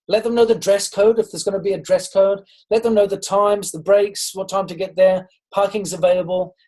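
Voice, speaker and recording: On a rough recording, a man with a high, slightly mellow voice gives a motivational leadership talk on a group call. He's a leadership coach, earnest and encouraging, who puts direct questions to his listeners and often restarts his sentences with "um."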